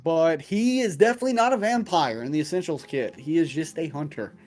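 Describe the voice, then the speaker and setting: A man's voice: on the high side, a little fast, a little mellow, soft background music. A man acting as dungeon master, casually answering viewer questions with jokes and swearing. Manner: casual and profane, joking. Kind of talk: casual chat.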